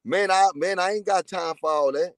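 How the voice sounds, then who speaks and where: A man's voice: sits high, moderate pace, no room sound. A man from Texas, telling prison stories in a profane, boastful, rambling way. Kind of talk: casual livestream chat.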